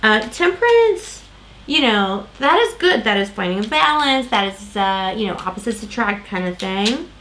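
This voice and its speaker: A woman's voice: mid-range voice, sing-song, normal speed, a bit bright, slight background noise, low-quality recording. A woman doing a casual tarot reading, talking in a loose, rambling way with lots of fillers and restarts. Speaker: tarot reader.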